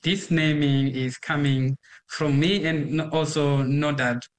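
An earnest man, a doctoral researcher, speaks in a slightly raised voice in a news interview clip. His comes haltingly as he works through his thoughts. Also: fairly high pitch, fairly even intonation. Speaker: PhD student researcher.

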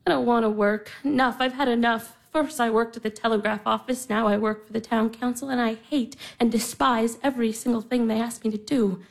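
A despairing young woman in her twenties, played by an actress, worn out and aching. Her voice sits fairly high and breaks into breathy whispers as she talks. Staged drama delivery. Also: steady tone, fairly quick, few pauses, poor audio. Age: 20s.

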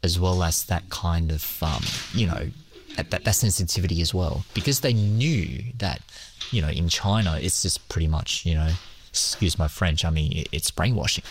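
A man from Hong Kong, a school teacher, answering interview questions hesitantly with many pauses and fillers. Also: sits low, a little hiss or hum.

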